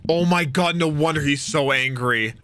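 A young adult hosting an anime reaction video, talking loudly, exclaiming and swearing often. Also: mid-range voice, moderate pace, slight background noise. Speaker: anime reaction channel host. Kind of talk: excited reaction commentary.

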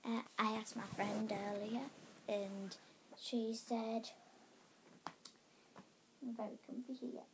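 Soft-spoken hesitant woman vlogger. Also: on the high side, fairly even intonation, slow pace, long pauses, background noise. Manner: hesitant and rambling, often dropping to a whisper. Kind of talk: casual chat to camera.

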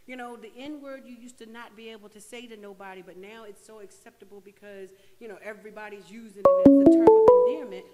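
Animated older woman co-host, mellow tone. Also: fairly high pitch, quick pace, few pauses, in a large hall, soft background music. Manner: animated, rising to loud emphasis. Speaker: radio co-host. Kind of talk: call-in talk radio.

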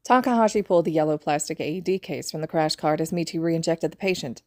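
Woman, audiobook narrator, fan fiction reading, steady, dry close recording. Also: deep voice, quick pace, few pauses, dry recording. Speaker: podfic reader.

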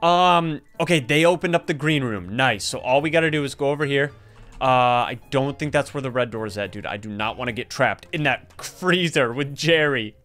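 A man's voice: on the high side, moderate pace. A young man doing let's-play commentary of a horror game, talking to viewers and yelping at every scare. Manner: excitable, yelps and shouts at scares; talks to viewers as "you guys". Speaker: gaming YouTuber. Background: game music.

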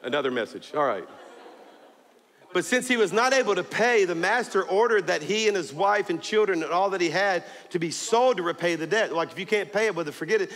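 A man with a bright, high-pitched voice preaching to a church. He tells the story with humor and keeps pushing up to emphatic peaks. A long reverb trails his words around the hall. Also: lively intonation, brisk. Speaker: pastor. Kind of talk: sermon. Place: church auditorium.

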